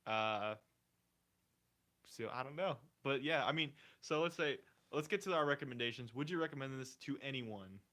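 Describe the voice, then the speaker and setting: A man's voice: mid-range voice, normal speed, bright, forceful tone. A young man co-hosting a casual movie review podcast, rambling and emotional, laughing often as he talks. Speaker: podcast co-host.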